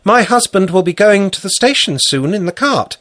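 A man voicing a cheerful, loud farm housewife in a storybook reading. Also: high-pitched, animated, voice pushed up. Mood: hearty. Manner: brisk, boisterous calls.

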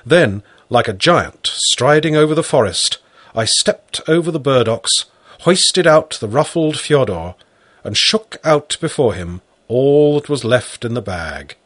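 A man narrating a story in the first person, reading slowly and expressively. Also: mid-range voice, dry recording, clean studio sound. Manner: slow, animated storytelling.

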